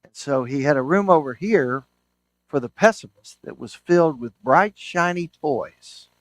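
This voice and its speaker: A man's voice: on the high side, animated, measured pace, fairly bright tone. A man, a historian and author, giving a book talk as an enthusiastic storyteller, often restarting his sentences. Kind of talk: lecture with anecdotes.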